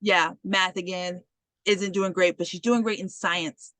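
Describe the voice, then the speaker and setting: A woman on a podcast, casually retelling a film's plot with lively, profane commentary and quick acted quotes. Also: fairly low pitch, dry recording. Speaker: podcast host. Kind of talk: casual movie recap.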